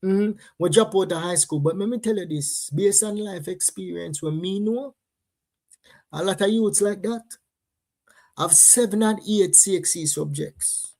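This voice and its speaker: A woman with a Jamaican accent giving animated, emphatic news commentary, slipping between patois and standard English. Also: mid-range voice, measured pace.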